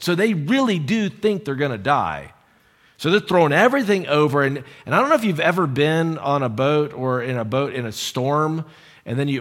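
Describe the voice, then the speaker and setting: A middle-aged male pastor preaching a sermon, reading Scripture dramatically with lively asides. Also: mid-range voice.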